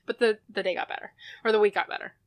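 A woman's voice: medium pitch, steady tone, racing. A woman reporter chatting casually on a podcast, telling anecdotes and acting out the back-and-forth of conversations. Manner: chatty storyteller, acts out quoted exchanges. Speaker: entertainment press reporter.

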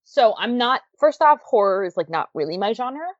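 A woman's voice: on the high side, big pitch swings, normal speed, no room sound. A woman chatting casually as a podcast co-host, with lots of fillers and frequent laughter. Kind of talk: casual chat about a TV series. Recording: dull lo-fi dry sound.

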